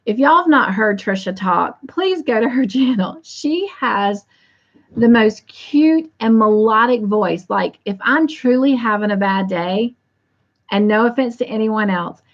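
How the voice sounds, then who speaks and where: A woman's voice: a little high, expressive, measured pace, lo-fi sound. A woman hosting a casual livestream, reading viewer comments aloud in an affectionate way. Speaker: livestream host.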